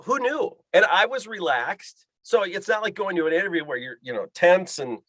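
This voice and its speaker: A man's voice: high-pitched, expressive, moderate pace, a bit bright, no room sound. A man telling a story as a podcast guest, acting out the voices in the dialogue he quotes. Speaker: guest, pilot and fishing guide. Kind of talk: animated storytelling.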